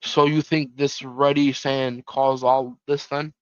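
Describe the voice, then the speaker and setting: A man's voice: mid-range voice, little pitch movement, takes it slowly, clear, resonant tone, no room sound, lo-fi sound, natural voice. A man doing a scornful sidekick. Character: grumpy British sidekick, crude and scornful.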